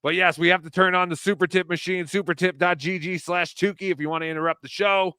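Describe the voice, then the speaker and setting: Male host, chatty and rambling, slightly high voice, smooth delivery. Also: fast, no echo, clean studio sound. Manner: rambling, animated, swears freely. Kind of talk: casual live-stream chat, reading tips.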